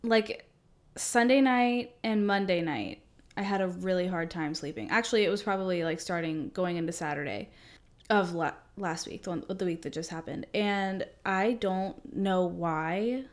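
A woman's voice: lowish voice, normal speed. A young woman co-hosting a podcast, chatting casually, giggling and retelling her own stories with acted-out quotes. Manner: giggly, storytelling, animated retelling. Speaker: podcast co-host. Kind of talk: casual chat.

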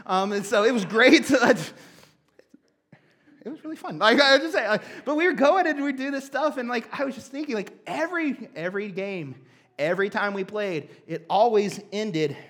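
Young guy preaching, high-ish voice, gets all animated telling stories. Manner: animated storytelling, acts out childhood voices. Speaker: pastor. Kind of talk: sermon.

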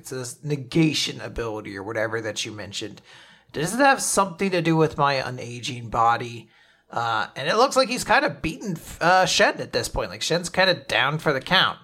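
Male podcast co-host, bright voice pitched a bit high, casual recap chat that slips into character voices. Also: animated, measured pace. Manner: recaps scenes by acting out characters' lines.

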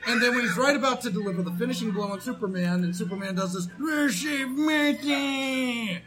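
A man's voice: high voice, racing, a bit bright. A man in a casual comedic debate, mocking his topic with sarcasm. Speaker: debate participant.

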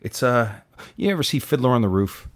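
A man co-hosting a casual political talk show, animated and quick to act out the people he quotes, with frequent restarts. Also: mid-range voice. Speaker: podcast co-host.

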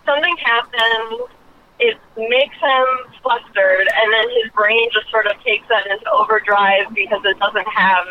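A woman's voice: on the high side, fairly even intonation, unhurried, muffled recording, a little hiss or hum. A woman co-hosting a casual podcast, speaking thoughtfully with plenty of likes and ums. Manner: thoughtful, lots of "like" and "um". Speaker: podcast co-host. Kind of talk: casual chat.

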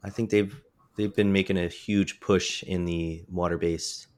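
ポッドキャストで木工の質問に答える男性。言いよどみやフィラーが多く、しゃっくりが出ている。. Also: male voice, sits low, steady tone, a little slow, a little mellow. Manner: hesitant, many fillers and restarts. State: has the hiccups. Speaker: podcast co-host. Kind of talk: casual chat.

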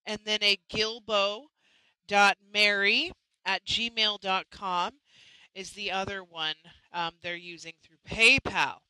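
Woman host rambling casually, crisp bright voice. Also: medium pitch, steady tone, slow pace, dry recording, rough recording. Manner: chatty, restarts and apologizes often. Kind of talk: casual chat.

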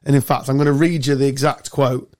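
A man hosting a casual podcast, telling sweary, animated stories. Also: medium pitch, quick pace. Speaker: podcast host. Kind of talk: casual chat.

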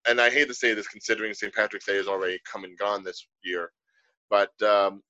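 Casual podcast co-host, male, lowish voice with a forceful edge, lively storyteller, slightly muffled audio. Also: a little fast. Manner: animated, storytelling. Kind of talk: casual conversation.

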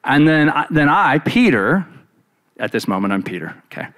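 A man preaching by retelling a Bible story in the first person, in an animated, casual way with many fillers. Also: on the high side, normal speed.

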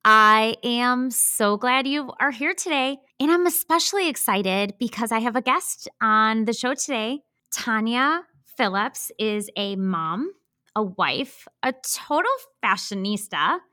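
A woman's voice: a little high, lively intonation, measured pace, sharp tone, no room sound, studio quality. A middle-aged woman with a Midwestern accent hosting a podcast interview, bubbly and gushing with enthusiasm. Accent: Midwestern American. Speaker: podcast host.

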